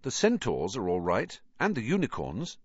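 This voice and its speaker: A man voicing a quiet, determined teenage boy who speaks firmly. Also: huge pitch swings, moderate pace, husky, dry recording, lo-fi sound, full character voice. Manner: firm, low-key.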